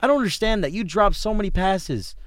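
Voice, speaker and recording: A young man co-hosting a podcast, chatting casually and excitedly about football, laughing often and trailing off mid-sentence. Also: high-pitched, a little fast. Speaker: podcast co-host. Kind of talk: casual sports chat.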